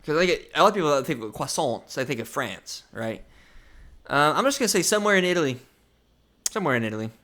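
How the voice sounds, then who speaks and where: Playful man with a lively bright voice. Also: a little high, fast. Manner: joking, does silly voices. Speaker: podcast co-host. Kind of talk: casual chat.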